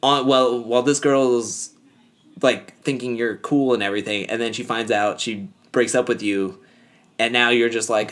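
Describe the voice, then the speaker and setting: A man of ordinary pitch chats casually as a podcast co-host. He rambles through a recap, leaning on fillers and acting out what people said. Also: steady tone, moderate pace, fairly bright tone. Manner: rambling, filler-heavy, acts out quoted lines. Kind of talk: casual chat recapping a TV show.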